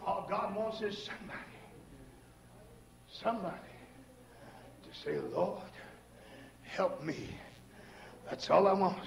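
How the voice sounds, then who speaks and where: An older man preaching a chanted church sermon, rhythmic and punctuated with "uh", rising to shouts. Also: high voice, slow pace, vocal fry, pauses often. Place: church sanctuary. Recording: echoey church recording.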